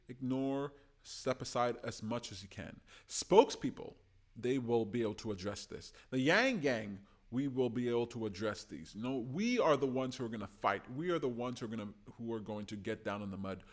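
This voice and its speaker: A man hosting a political commentary show, giving supporters an urgent pep talk that swings between loud exhortation and quiet, earnest warning. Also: medium pitch, animated, normal speed. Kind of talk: impassioned monologue to supporters.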